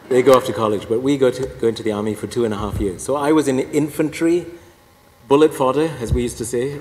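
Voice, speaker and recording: Chatty self-mocking priest in a hall. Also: male voice, mid-range voice, darkish tone. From Singapore. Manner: self-deprecating, chatty, laughs at own jokes. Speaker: Catholic priest and chaplain. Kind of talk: humorous personal testimony talk. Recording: echoey hall, faint background noise.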